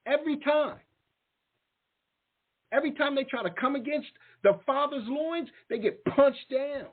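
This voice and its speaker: A man's voice: very high-pitched, a little slow. A male talk show host giving a fiery, mocking monologue and repeating phrases for emphasis. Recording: tinny phone-like sound.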